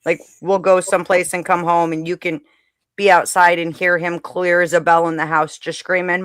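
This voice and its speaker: A woman's voice: fairly low pitch, steady tone, normal speed, a bit bright, no echo, studio quality. A woman in casual chat who laughs often while she talks.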